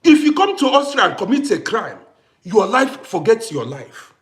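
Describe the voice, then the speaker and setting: Emphatic man with a lively, high voice. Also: moderate pace. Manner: emphatic, repetitive, challenging. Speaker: vlogger. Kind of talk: ranting to camera. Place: living in Austria.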